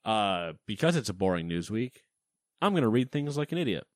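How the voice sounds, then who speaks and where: A man with a fairly low voice that rises and falls a lot as he jokes through gaming news. He co-hosts a casual podcast and reads out a release list with playful emphasis. The sound is close and dry. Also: fairly quick, no room sound. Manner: lively, jokey, reads lists with playful emphasis. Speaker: podcast co-host.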